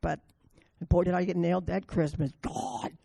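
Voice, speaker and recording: Woman, meeting speaker: mellow, raspy, blunt storyteller. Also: on the low side, steady tone, normal speed, no room sound. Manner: blunt, storytelling, self-deprecating. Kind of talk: recovery meeting talk with stories.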